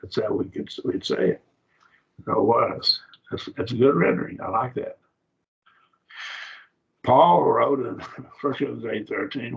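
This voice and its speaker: A man teaching a Bible study class in a casual lecture, talking in halting phrases and repeating words as he explains. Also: mid-range voice, animated. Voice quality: gravelly and husky. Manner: halting, repeats words, uses fillers and "see?". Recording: dull lo-fi classroom recording.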